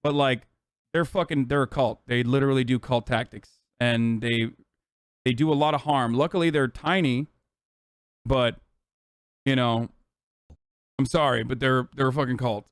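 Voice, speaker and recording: A man streaming a casual reaction, ranting in an exasperated, profane and animated way. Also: mid-range voice, moderate pace, pauses often, smooth, no echo.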